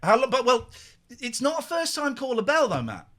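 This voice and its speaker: A man's voice: very high-pitched, wildly swooping pitch, moderate pace, fairly bright tone. A man hosting a late-night live phone-in show, chatting and joking with callers in a teasing way. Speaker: radio phone-in host. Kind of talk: casual live phone-in chat.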